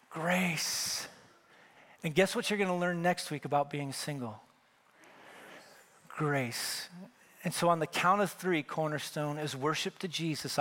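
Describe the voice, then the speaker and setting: Storytelling pastor from Wyoming. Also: male voice, a little high. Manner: storytelling, acting out dialogue, growing loud and emphatic. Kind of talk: sermon.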